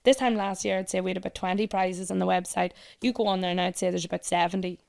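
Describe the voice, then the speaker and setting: An Irish woman talking as a podcast guest about running a competition page, chatty and animated, laughing often. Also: on the low side, quick pace, vocal fry. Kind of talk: casual chat.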